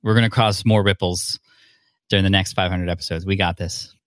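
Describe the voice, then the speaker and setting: A man's voice: low voice, fairly even intonation, a little fast. A man hosting a podcast, talking casually and earnestly with a guest. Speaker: podcast host. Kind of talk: casual interview chat.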